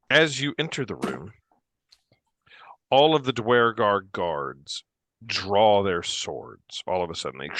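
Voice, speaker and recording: A man acting as game master for a fantasy tabletop game. His low, bright voice narrates in a relaxed, halting way, full of fillers. The sound is dry and close. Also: no room sound.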